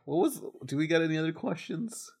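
Joking young man, lively voice. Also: a little high, brisk, gravelly, husky. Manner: loose, joking, full of filler words. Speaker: podcast co-host. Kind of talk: casual chat.

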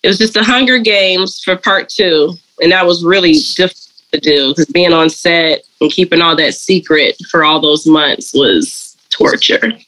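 A woman, a dog groomer and colorist, telling her story in a casual interview and slipping into lively voices when she quotes people. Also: on the low side, normal speed, poor audio. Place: lives and works in Atlanta.

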